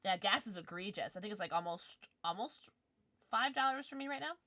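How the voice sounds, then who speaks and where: Bubbly, animated young woman streamer. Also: mid-range voice, brisk, no room sound. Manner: bubbly, giggly, lots of "like". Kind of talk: casual livestream chat, reading chat.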